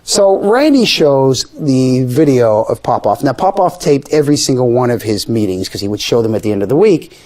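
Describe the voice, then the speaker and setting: A man tells a story in a relaxed interview, his voice sitting at a mid pitch. He is animated and brings the people in his tale to life by jumping up in pitch when he quotes them. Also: normal speed, hardly any pauses. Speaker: guest storyteller. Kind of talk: conversational storytelling.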